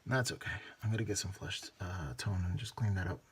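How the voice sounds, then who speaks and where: A man's voice: low voice, fairly quick, breathy edge. A man hosting a hobby painting video, talking casually to himself as he works and often trailing into murmurs and whispers. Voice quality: mumbling, muttering to himself, drifts into whispers. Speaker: hobby painting channel host. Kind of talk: casual running commentary while painting.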